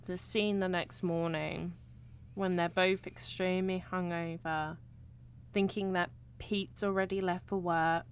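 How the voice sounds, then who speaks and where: A woman's voice: on the low side, measured pace, smooth. A woman co-hosting a podcast, chatting casually about a film and laughing often. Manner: laughs often, relaxed and drawn out. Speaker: podcast co-host.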